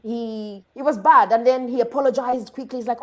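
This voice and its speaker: A woman from Uganda earnestly telling a personal story in a conversation, halting and restarting often. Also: on the high side, steady tone, a bit bright.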